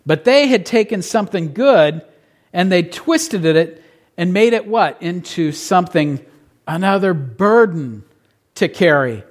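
A man preaches to his congregation at an unhurried pace, leaning on rhetorical questions and the odd playful aside. His voice sits a little high for a man, and he lets his points land slowly. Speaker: pastor. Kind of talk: sermon.

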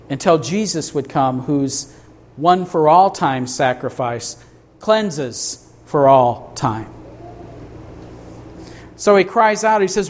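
A man preaching a sermon to a congregation in a church, emphatic, asking rhetorical questions. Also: a little high. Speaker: pastor.

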